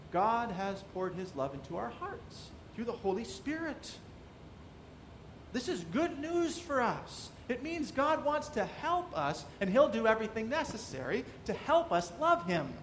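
A man's voice: sits high, fairly bright tone, slight background noise. A man preaching a sermon as pastor, asking the congregation rhetorical questions and acting out quoted voices.

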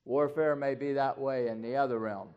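A man's voice: medium pitch, fairly even intonation, moderate pace, lo-fi sound. A man preaching a storytelling sermon in a folksy way, often repeating words and restarting.

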